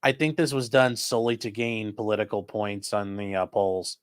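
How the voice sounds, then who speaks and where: A man's voice: fairly low pitch, steady tone, moderate pace, smooth, no echo, studio quality. Casual man answering live chat. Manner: rambling, answers viewer questions offhand. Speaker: livestream host reading chat.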